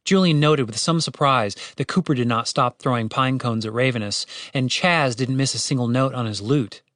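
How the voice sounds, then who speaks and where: A man narrating a fantasy audiobook in a steady, wry storytelling way, with casual swearing. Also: medium pitch, normal speed, dry recording, clean studio sound.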